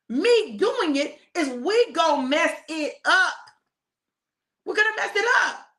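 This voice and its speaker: This woman has a higher voice and preaches emphatically, a pastor and prophetic speaker giving an informal live-streamed sermon. She sounds preachy yet conversational, using y'all and homespun turns of phrase, and her lively delivery rises to a high pitch for emphasis.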